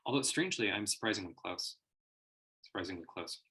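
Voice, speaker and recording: A man's voice: low-pitched, normal speed, creaky, sharp tone, husky. A man giving a reflective livestream monologue as a personal growth teacher, searching for words and laughing often.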